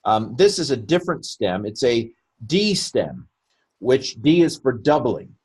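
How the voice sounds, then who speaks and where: Husky-voiced man teaching grammar. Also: mid-range voice, big pitch swings, measured pace, a little mellow. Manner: chatty and self-mocking, with joking asides; thinks aloud while explaining. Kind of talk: recorded grammar lecture.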